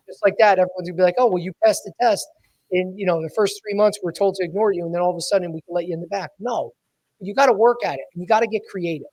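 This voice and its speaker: High-voiced blunt podcast coach. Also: male voice, darkish tone. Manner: blunt, repetitive, addresses listeners as guys. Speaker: podcast host and sales coach. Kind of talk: energetic coaching talk.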